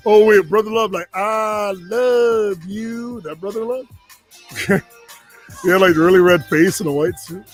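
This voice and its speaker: A man's voice: high-pitched, normal speed, pauses often, faint music behind. A man in his forties from Connecticut telling a long story casually, acting out the other people's lines. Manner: animated, acts out quoted voices.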